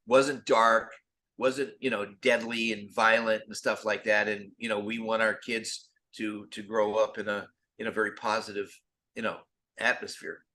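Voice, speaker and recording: Older man guest, bright forceful voice, animated storyteller who stumbles over repeated words. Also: on the low side, moderate pace. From United States. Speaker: guest actor. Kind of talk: storytelling interview.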